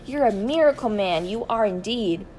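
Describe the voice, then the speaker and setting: A woman voicing an excitable middle-aged lady who gushes over her pet tortoise. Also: normal speed, slight background noise, natural voice. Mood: fond. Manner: gushing, high and breathless.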